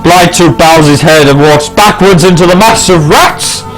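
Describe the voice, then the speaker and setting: A man's voice: a little high, moderate pace, a bit bright, faint music behind, poor audio. A man playing a text game, reading the story aloud with casual asides. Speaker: gamer. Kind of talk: casual let's play narration.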